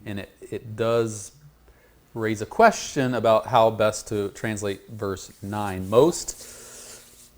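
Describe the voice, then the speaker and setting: A man teaching a Bible study group, talking haltingly and repeating words as he works through a passage and draws answers from the class. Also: lowish voice, fairly even intonation.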